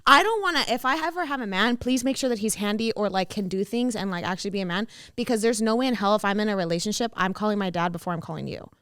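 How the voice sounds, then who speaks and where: Chatty woman co-host, smooth and bright, dry close mic. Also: mid-range voice, no room sound. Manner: expressive, quick reactions and impressions. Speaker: podcast co-host. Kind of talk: casual chat.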